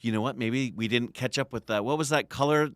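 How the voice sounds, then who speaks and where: A man in his thirties co-hosting a casual sports podcast, animated and quick to laugh as he riffs on jokes. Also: medium pitch, no echo, studio quality. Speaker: podcast co-host. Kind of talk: casual chat.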